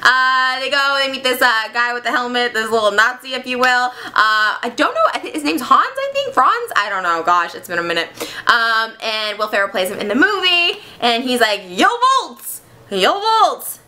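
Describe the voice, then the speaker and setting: A woman retelling a film in a casual, giggly way. Her bright, high voice leaps around in pitch as she gets animated. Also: normal speed.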